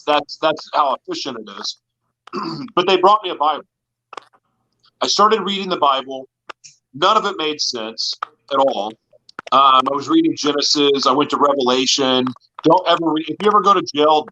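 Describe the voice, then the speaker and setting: A man's voice: a little high, moderate pace, pushed and bright, a little hiss or hum, rough recording. A man in an interview, telling his personal story in an earnest, confessional way. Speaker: guest.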